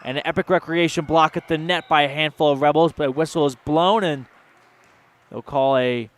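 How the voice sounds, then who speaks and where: A man calling a volleyball match as play-by-play announcer on local radio, reading rapid action with sponsor mentions. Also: on the high side, clear, resonant tone, no room sound. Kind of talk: local radio sports commentary.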